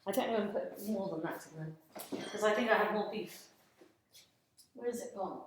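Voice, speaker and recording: Very echoey audio with slight background noise carries the medium-pitched voice of a woman cooking live in her home kitchen. She talks at a normal speed, chatting to viewers in a scattered way and greeting them while she works.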